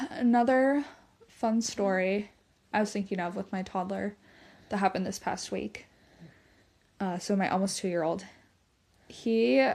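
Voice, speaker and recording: A woman's voice: on the high side, dark tone. A young woman hosting a podcast, telling family stories in a chatty way, laughing often and saying "like" a lot. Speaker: podcast host. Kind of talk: casual storytelling monologue.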